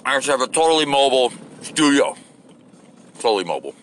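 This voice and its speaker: A podcast host with a mid-range, fairly bright voice rants off the cuff outdoors, talking fast with big pitch swings. He's crude and sarcastic and swears constantly, over slight background noise.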